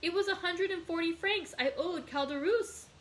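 A woman reading aloud, voicing an earnest, devoted young male sailor with lively emphasis. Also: a little high, moderate pace, a little hiss or hum, close to an everyday voice, rough recording. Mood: distressed.

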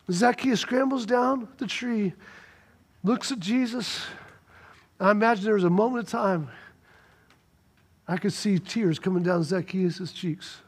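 High-voiced, animated male preacher. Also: a little slow, long pauses, husky. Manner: animated, conversational storytelling. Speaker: pastor. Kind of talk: storytelling sermon.

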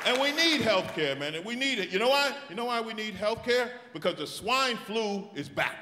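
A man doing live stand-up in a large theatre, ranting loudly and mocking people in put-on voices. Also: high voice, expressive. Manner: loud, rapid rants with mocking put-on voices. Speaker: stand-up comedian. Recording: echoey theatre with crowd noise. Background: audience laughter and applause.

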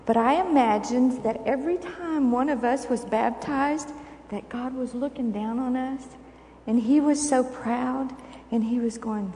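An older woman gives a children's sermon, coaxing the children with gentle questions. Her voice sits fairly high but sounds mellow. She is recorded in a reverberant church hall with a faint hiss behind her. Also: unhurried. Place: church sanctuary.

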